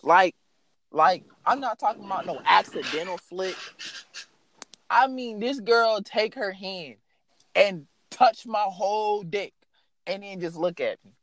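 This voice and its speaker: A young man telling a story in a casual, animated way, swearing freely and filling his speech with "like". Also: high-pitched, a little slow, slight background noise. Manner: animated, profane, lots of fillers.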